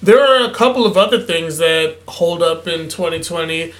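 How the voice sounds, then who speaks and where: A man's voice: on the high side, a bit bright. A man in his twenties co-hosting a podcast, chatting casually with enthusiastic jokes. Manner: enthusiastic, jokey, drawn-out phrasing. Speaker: podcast co-host. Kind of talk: casual chat.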